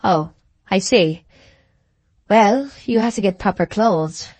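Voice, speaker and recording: A man's voice: high-pitched, slow, a little mellow, no echo. A woman voicing an evasive young male soldier in an audiobook, with a cool, offhand manner. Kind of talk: audiobook character reading.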